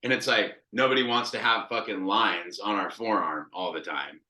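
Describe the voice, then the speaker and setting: A man in his thirties coaching quarterbacks, talking in a loose, cursing, storytelling way. His voice is bright and forceful. It rings out in an echoey room. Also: on the low side, normal speed. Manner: profane, animated storytelling with acted quotes. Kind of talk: casual coaching talk.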